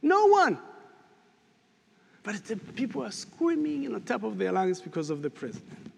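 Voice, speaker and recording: A man preaching a sermon and closing prayer, telling a story with animated swings from loud to hushed. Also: high voice, fairly quick, gravelly, slight background noise. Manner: animated storytelling, rising loud then dropping to near whisper. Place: church. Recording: reverberant church hall.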